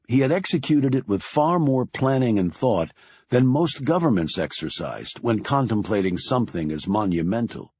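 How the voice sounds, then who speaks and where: A man giving measured, deliberate scripted audiobook narration. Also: mid-range voice, darkish tone, slightly rough, no echo, dull audio.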